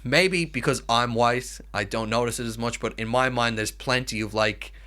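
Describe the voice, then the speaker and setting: A man's voice: mid-range voice, moderate pace, bright, forceful tone, clean tone. A young Irish man co-hosting a podcast in casual chat, blunt and swearing, with many restarts. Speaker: podcast co-host.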